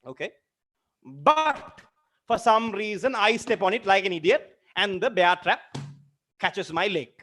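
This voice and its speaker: In an online lecture, a man with a high-pitched, expressive, bright and forceful voice teaches literature at an unhurried pace. He explains terms, goes over examples more than once, and puts direct questions to students.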